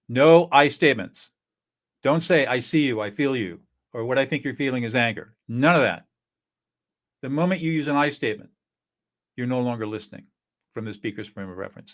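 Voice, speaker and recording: A middle-aged man teaches in an earnest, coaching way and acts out short example dialogues. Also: medium pitch. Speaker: conflict-resolution teacher. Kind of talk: instructional talk.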